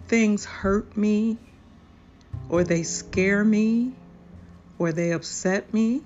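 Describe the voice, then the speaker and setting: A woman hosting a podcast, speaking in a slow, earnest, confessional monologue. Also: medium pitch, a little mellow. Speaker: podcast host. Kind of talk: personal reflective monologue. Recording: dull lo-fi recording with faint music.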